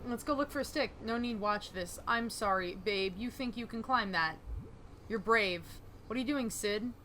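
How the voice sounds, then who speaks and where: A woman's voice: on the high side, normal speed, bright, forceful tone, a little hiss or hum. A woman hosting a gaming channel, chatting casually as she plays and often exclaiming and talking back to the game. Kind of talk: casual let's-play commentary.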